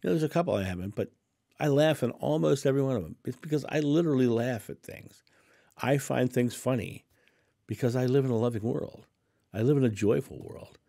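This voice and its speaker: A man's voice: medium pitch, lively intonation, a little fast, creaky, mellow, no room sound, clean studio sound. A man hosting his own channel, speaking straight to camera in a casual, emphatic monologue, repeating phrases for stress and laughing often. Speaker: channel host, spiritual speaker.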